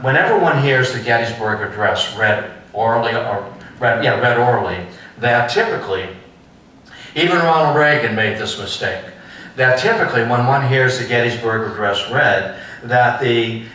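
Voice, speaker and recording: A man giving a history lecture to an adult class, slow and emphatic, asking rhetorical questions and repeating phrases. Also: medium pitch, sharp tone, slight background noise. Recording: echoey room, mic at a distance.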